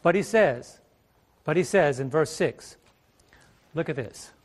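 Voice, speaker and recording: Taking it slowly, a middle-aged man with an expressive, rather high voice preaches on a church stage into a stage microphone. Emphatic throughout, he draws out key words and fires rhetorical questions at the congregation.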